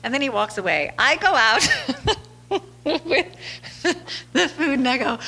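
A woman's voice: high-pitched, very animated, unhurried, long pauses, pushed and bright. A woman hosting a podcast, telling casual stories in a chatty way, laughing often and acting out quotes. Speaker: podcast host. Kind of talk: casual storytelling monologue.

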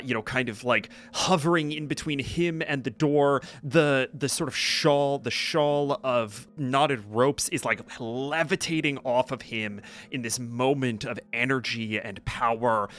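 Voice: mid-range voice, fairly bright tone. A game master narrating a tabletop game in a loose, filler-heavy way.

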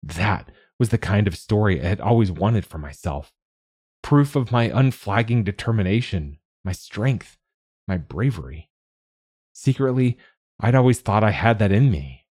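Low, husky male audiobook narrator. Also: lively intonation, unhurried, darkish tone, no room sound, clean studio sound. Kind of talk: scripted first-person narration.

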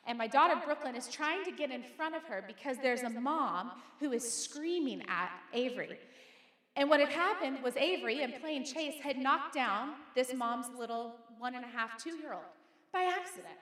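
The recording, made in an echoey church auditorium with long reverb, captures a middle-aged woman pastor with a high, fairly bright voice. Her sermon is conversational and emphatic, spoken directly to the congregation.

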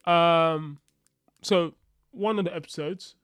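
A man's voice: a little high, slow, a bit bright, clear, resonant tone. A young man co-hosting a podcast, rambling with restarts as he acts out quotes. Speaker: podcast co-host. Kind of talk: casual chat.

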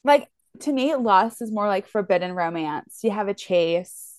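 A woman's voice: medium pitch, animated, measured pace, a little mellow, no echo, clean studio sound. A woman co-hosting a book podcast in casual chat, talking in restarts with lots of "like". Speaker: podcast co-host.

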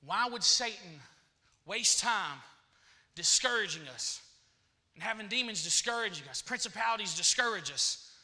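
A man's voice: high-pitched, animated, normal speed, sharp tone. A man preaching a sermon in church, repeating phrases and calling out to the congregation.

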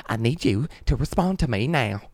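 A hurt, angry young woman voiced by a man leaves a string of demanding voicemails. Her voice climbs high as she presses and repeats herself. The sound is dry and close, with no room around it. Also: lively intonation, moderate pace, gravelly, dry recording. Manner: pleading then snapping, repetitive.

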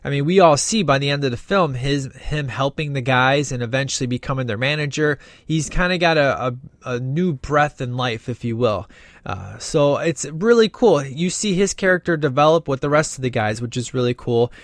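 A man's voice: mid-range voice, expressive, moderate pace, no echo, clean studio sound. A man giving a casual, opinionated spoken movie review, rambling with many fillers and restarts.

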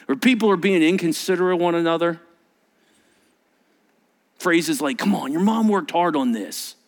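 A man preaching a sermon as pastor, with his voice leaping up high and loud whenever he quotes scripture. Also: normal speed. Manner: animated preaching, voice rising sharply when quoting scripture.

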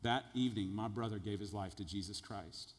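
Preacher in a reverberant hall. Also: male voice, on the low side, a little fast. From Texas. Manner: animated storytelling, swings between loud jokes and quiet earnest passages. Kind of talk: sermon testimony. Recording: echoey hall with long reverb.

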